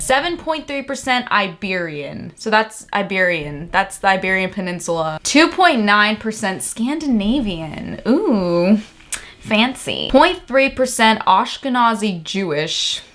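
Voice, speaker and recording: A young woman from the United States talking candidly to camera in a casual vlog, excitable and swearing freely. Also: medium pitch, slow pace. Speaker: vlogger.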